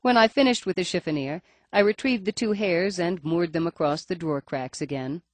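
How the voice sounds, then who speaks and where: A woman's voice: fairly low pitch, brisk, darkish tone, no room sound. A woman reading a first-person audiobook in a wry, dry storytelling manner. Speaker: audiobook narrator.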